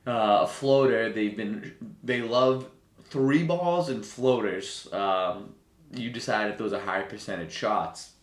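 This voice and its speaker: A man's voice: fairly low pitch, slow pace. A man casually commenting on a live basketball game, sarcastic and profane, ranting in exasperation at a struggling team. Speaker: live game watch-along streamer. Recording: roomy echo.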